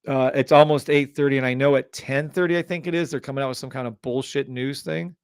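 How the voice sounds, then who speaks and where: A man hosting a live trading stream, pitching a scanner and ranting bluntly at viewers, swearing freely and sounding exasperated. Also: steady tone, fast talker, smooth, no echo, studio quality. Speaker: trading livestream host.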